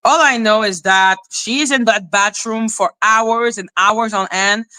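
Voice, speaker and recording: A woman's voice: medium pitch, a little slow, few pauses, pushed and bright. A woman giving casual reaction commentary as a YouTuber, blunt and profane as she talks back at clips.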